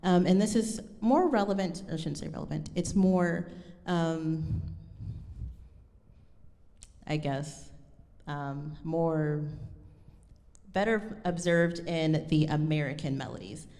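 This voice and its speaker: A woman's voice: low-pitched, slow, long pauses, mellow, big-room sound. A woman giving a lecture recital, speaking thoughtfully and correcting herself with frequent ums. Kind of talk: lecture presentation.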